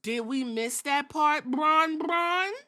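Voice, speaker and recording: A woman's voice: high voice, slow, pushed and bright. Sassy, profane woman podcaster. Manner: sassy, profane, acts out quotes. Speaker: podcast host. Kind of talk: casual wrestling recap.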